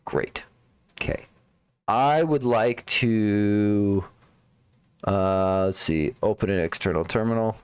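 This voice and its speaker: Male live-coder, unhurried and low-pitched, mumbles and repeats himself as he works through a bug. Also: animated, smooth, no room sound. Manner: muttering to himself, trailing off, repeating words. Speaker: live-streaming programmer. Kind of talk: thinking aloud while debugging code.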